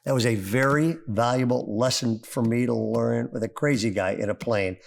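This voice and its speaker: A middle-aged male pastor preaching a sermon, telling a story with rising excitement. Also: mid-range voice, moderate pace, gravelly. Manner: animated storyteller, voice climbing when excited.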